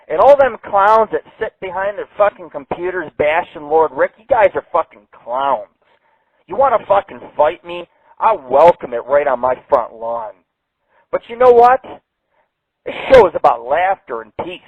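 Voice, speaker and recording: A man's voice: a little high, slightly rough, no room sound. A man hosting an internet radio show, ranting brashly and swearing a lot. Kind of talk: profane call-in radio rant. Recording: tinny phone-like dry sound.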